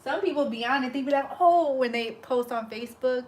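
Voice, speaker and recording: A young woman chatting casually on a livestream while she works, telling stories with animated energy and laughing as she goes. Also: sits high, a little fast. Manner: greets and chats with live viewers. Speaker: hair braider livestreaming.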